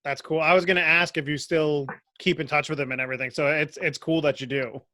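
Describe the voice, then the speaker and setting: A man's voice: on the high side, fairly even intonation, fast talker, pushed and bright. A man hosting a casual podcast interview, giving brief, encouraging replies and asking questions. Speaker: podcast host.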